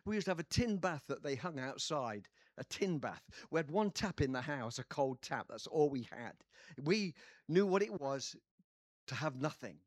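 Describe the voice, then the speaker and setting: An older man from England with an English accent, preaching a sermon with personal stories, shifting between quiet telling and loud bursts. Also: fairly high pitch, expressive, moderate pace, dry recording, clean studio sound. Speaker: pastor.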